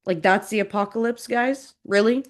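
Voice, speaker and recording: A woman hosting a podcast, giving a sarcastic, animated commentary monologue. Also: medium pitch, moderate pace. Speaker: podcast host.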